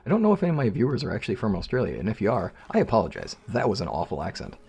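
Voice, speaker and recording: A man's voice: on the low side, wildly swooping pitch, racing, creaky, a little mellow, husky. A man casually commenting on his game, rambling and joking with viewers. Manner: rambling, jokey, talks to viewers. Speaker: let's play host.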